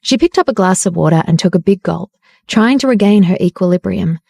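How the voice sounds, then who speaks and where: A woman narrates a romance audiobook in a steady, even read. Her voice is mellow and warm, and the recording is dry and close with no room sound. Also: on the low side, fairly quick, creaky, slightly rough, no room sound. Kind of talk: scripted narration.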